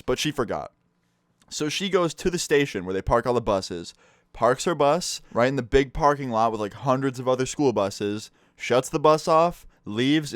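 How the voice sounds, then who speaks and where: A man's voice: medium pitch, dry recording, studio quality. Casual, profane man telling a story. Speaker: vlogger. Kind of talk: storytime vlog.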